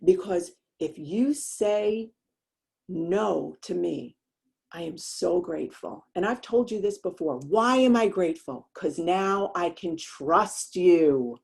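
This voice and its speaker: A woman's voice: fairly low pitch, expressive, slow, creaky, a little mellow. A woman host coaching women in a motivational talk, speaking emphatically and directly with casual slang.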